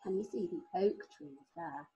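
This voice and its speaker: A woman teaching a recorded phonics lesson to young children, sounding out words slowly in a sing-song way. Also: lowish voice, dark tone, husky, highs cut off. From England. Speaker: reception class teacher.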